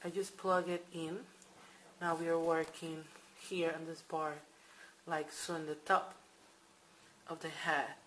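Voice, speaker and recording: A woman's voice: low voice, level tone, takes it slowly, long pauses, a bit bright, slight background noise, rough recording. A woman explaining crochet steps in a casual, hesitant way, full of fillers and repeated instructions. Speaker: crochet tutorial maker. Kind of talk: casual how-to demonstration. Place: home at night.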